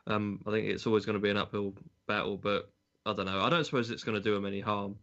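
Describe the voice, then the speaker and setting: A man's voice: lowish voice, fairly even intonation, fast, fairly bright tone. A man co-hosting a podcast in casual chat, hesitant and noncommittal. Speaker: podcast co-host. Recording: dull, lo-fi mic.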